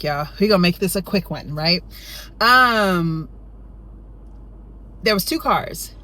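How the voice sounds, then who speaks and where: A woman casually telling a storytime tale, chatty and rambling, often tucking in "you know" and "right?". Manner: jumps high and loud when acting out her younger self. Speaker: storytime vlogger.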